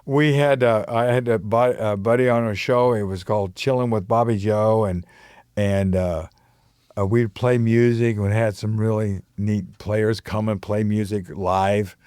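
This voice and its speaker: A man's voice: on the low side, fairly even intonation, a little slow, darkish tone, smooth, no room sound, studio quality. An older man, a musician guest on a community radio show, telling rambling stories and giggling often. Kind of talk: casual radio conversation.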